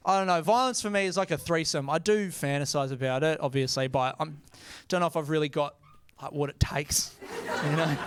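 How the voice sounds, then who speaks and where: A young Australian man doing a stand-up comedy set, telling a story conversationally with animated impressions and casual swearing. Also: sits high, background noise. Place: comedy club stage with audience.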